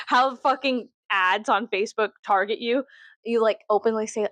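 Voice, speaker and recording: A woman's voice: medium pitch, fairly quick, a bit bright, no room sound. A young woman from Texas rambling casually and profanely to camera as a vlogger, jokey and chatty.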